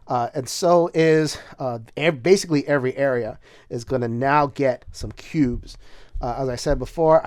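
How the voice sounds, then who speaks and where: A man's voice: medium pitch, a little mellow, clean tone, no echo, studio quality. Chatty man explaining a board game. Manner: chatty, many "uh" fillers, bursts of laughter. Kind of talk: casual solo playthrough commentary.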